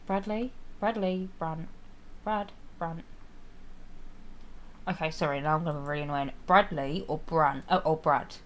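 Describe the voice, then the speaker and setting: A woman's voice: low-pitched, unhurried, pauses often, slight background noise. Giggly, chatty woman streamer. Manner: chatty and giggly, often restarting and apologizing. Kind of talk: casual chat while playing a life-sim game.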